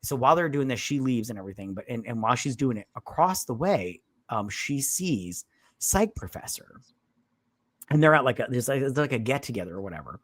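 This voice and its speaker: A man's voice: mid-range voice, lively intonation, fairly quick, no echo. A man co-hosting a casual movie-review podcast, rambling, swearing, and acting out the scenes in voices. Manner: rambling, profane, acts out characters in voices. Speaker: podcast co-host. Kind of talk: casual drunk movie recap.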